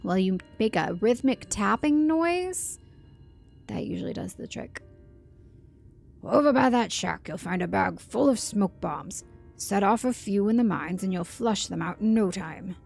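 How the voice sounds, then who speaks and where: A woman reading fantasy game dialogue aloud for the characters, using a put-on high English accent and a measured, formal delivery. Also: expressive, creaky, a little mellow, faint music behind. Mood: earnest.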